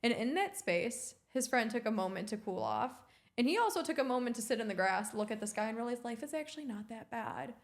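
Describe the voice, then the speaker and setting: A young woman with a high, animated voice chats casually as a podcast co-host. She talks a little fast and tells stories with energy, acting out the quotes.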